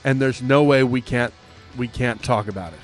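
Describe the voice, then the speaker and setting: A man with a mid-range voice hosts a podcast at a normal speed over soft background music. He chats casually, rambling and joking with plenty of filler words.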